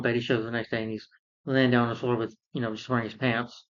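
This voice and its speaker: Guy ranting about a movie, rambling and annoyed, mid pitch, kinda dull lo-fi sound. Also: little pitch movement, fast talker. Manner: rambling and exasperated, with many fillers and restarts. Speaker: movie reviewer. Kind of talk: rambling movie review rant.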